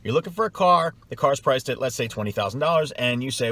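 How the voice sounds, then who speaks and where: A man's voice: medium pitch, lively intonation, fast, few pauses, a bit bright, no room sound. A middle-aged man coaching salespeople in a blunt, scornful way, hammering his points home through repetition. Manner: emphatic, scornful, repeats points for effect. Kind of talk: blunt advice vlog.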